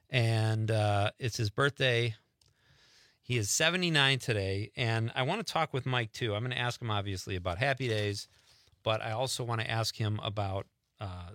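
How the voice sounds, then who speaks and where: A man's voice: mid-range voice, fairly bright tone, dry recording, clean studio sound. A man hosting a radio show in casual chat, talking loosely and laughing easily. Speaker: radio host.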